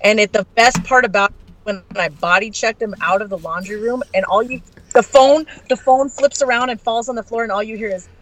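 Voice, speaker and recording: A woman guest on a podcast, telling a story in a brash, profane and animated way. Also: fairly high pitch, a little fast, rough recording. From Arizona.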